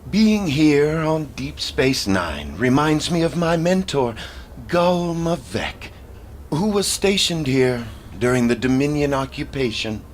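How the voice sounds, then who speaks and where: An actor playing a measured, wary male alien delegate in a video game, speaking with formal, deliberate diplomatic phrasing. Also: fairly high pitch, big pitch swings, slight background noise.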